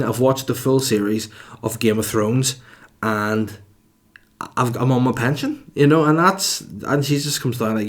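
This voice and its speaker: A man in his thirties with a Northern Irish accent, hosting a comedy podcast at home in a cold room, telling stories with animated exasperation and swearing. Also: mid-range voice, unhurried. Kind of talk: comedic monologue.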